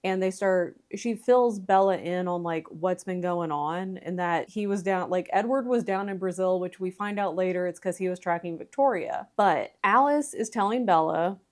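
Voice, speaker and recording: A woman's voice: on the low side, moderate pace, few pauses. Chatty woman in her thirties reviewing books. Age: 30s. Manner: chatty, rambling, self-correcting, mild swearing. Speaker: book vlogger. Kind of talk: casual book review.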